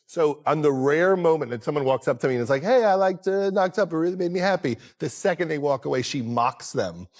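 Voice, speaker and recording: Animated dad mimicking people. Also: male voice, a little high, fairly quick, few pauses. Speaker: talk show guest. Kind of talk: casual chat.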